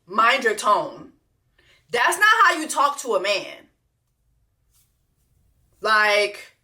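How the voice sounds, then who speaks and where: Reaction host, woman; high, lively, bright, blunt and profane. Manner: blunt, profane and animated, repeating lines for emphasis. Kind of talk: unscripted reaction commentary.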